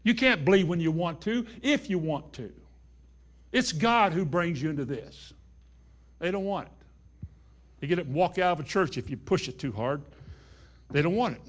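A man preaching a sermon in a folksy way, dropping to a hush and then rising to emphatic declarations. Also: a little high, expressive, moderate pace, long pauses. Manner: folksy, swings between hushed and emphatic. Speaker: pastor.

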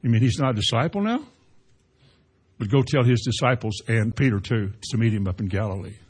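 Husky-voiced man preaching a sermon. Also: medium pitch, fairly quick. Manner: preaching with rising emphasis and Bible quotations. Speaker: pastor.

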